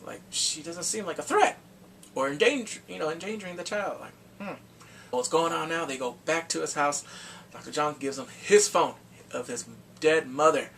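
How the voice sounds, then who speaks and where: A man recapping a TV drama in casual talk, acting out the characters' lines in quick animated bursts. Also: a little high, gravelly, distant mic, a little hiss or hum. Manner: animated, acts out quotes from the show in quick bursts. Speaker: drama reviewer.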